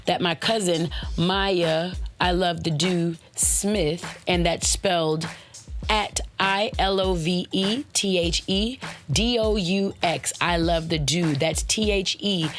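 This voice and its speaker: A woman hosting her own podcast, giving casual motivational talk in a playful, slangy way, with swooping high exclamations and web addresses spelled out letter by letter. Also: slow, soft background music. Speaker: podcast host.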